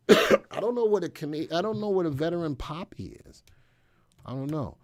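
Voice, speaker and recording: A man's voice: on the high side, normal speed, no echo, studio quality. A middle-aged man hosting a live stock analysis stream, talking casually through charts and chatting with viewers. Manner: relaxed, chatty, reads live chat aloud. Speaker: stock market analyst host.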